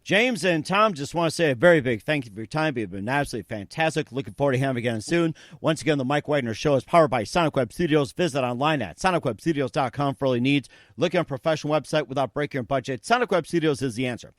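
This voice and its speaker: Male talk-show host, quick upbeat announcer read, dry close mic. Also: mid-range voice, lively intonation, no echo. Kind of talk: interview host and sponsor reads.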